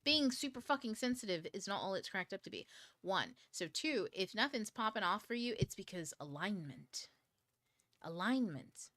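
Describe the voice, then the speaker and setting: A woman's voice: medium pitch, lively intonation, normal speed, fairly bright tone, dry recording. A woman hosting a book club livestream, chatting casually to her viewers, swearing freely and laughing as she rambles. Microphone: camera mic on a DSLR.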